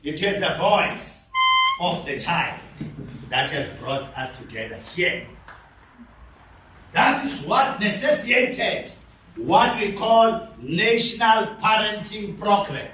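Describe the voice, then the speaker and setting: A man giving an impassioned speech at a training event. He speaks in an oratorical way, repeating phrases with long dramatic pauses. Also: high voice, sing-song, over music. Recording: echoey hall from far off.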